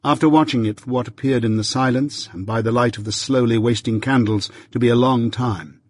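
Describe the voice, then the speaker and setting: Husky guy reading a novel aloud, middle pitch, steady and earnest. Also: no room sound. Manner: earnest, measured storytelling. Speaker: audiobook narrator. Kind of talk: first-person novel narration.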